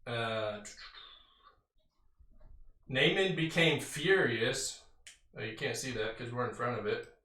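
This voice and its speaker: Bright-voiced man teaching Bible study. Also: medium pitch, takes it slowly, long pauses. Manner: reads scripture aloud, then explains it conversationally with fillers and "right?". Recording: roomy sound from a distant mic.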